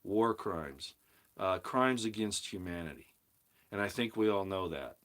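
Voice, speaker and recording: A man's voice: sits low, expressive, a little slow, a bit bright. A man hosting a casual live stream monologue, rambling, often repeating and restarting words, and pressing his points with rising emphasis. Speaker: host of a live commentary stream. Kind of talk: casual monologue, reading viewer comments.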